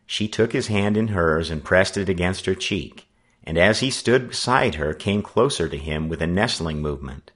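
Audiobook narrator, man, very deep and lively in pitch. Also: normal speed. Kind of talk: scripted narration.

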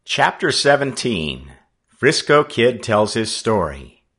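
A man narrating an adventure story as an audiobook reader, with an animated reading manner. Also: mid-range voice, slow pace.

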